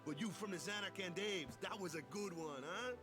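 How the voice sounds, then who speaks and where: An actor playing an easygoing young male island athlete, coach and team captain who talks in relaxed, friendly slang. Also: sits high, normal speed, natural voice. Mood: musing. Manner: laid-back, slangy, friendly. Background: game music.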